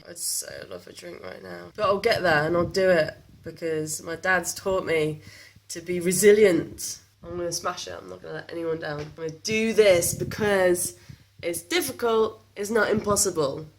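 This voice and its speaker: A woman's voice: on the low side, normal speed, creaky, noisy background. Frustrated woman venting in a vlog. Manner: emotional, frustrated, restless. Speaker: vlogger. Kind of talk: candid vlog monologue.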